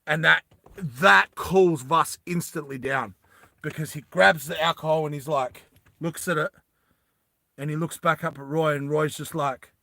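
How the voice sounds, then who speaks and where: A man narrating a tabletop game as game master, in an animated, rambling storytelling style. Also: on the high side, measured pace, gravelly, no room sound.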